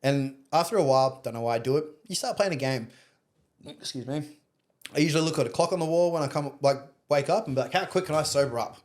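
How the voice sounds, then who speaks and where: A man's voice: fairly high pitch, fast talker, a little mellow. Candid, profane Australian man storytelling. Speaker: podcast guest. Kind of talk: casual storytelling interview.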